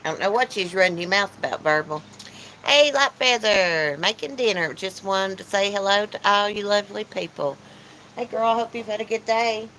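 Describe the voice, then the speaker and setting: A woman's voice: medium pitch, normal speed, a bit bright, slight background noise, rough recording. A woman hosting a casual livestream chat from her porch, teasing and reading comments aloud. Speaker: channel host. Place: porch outdoors.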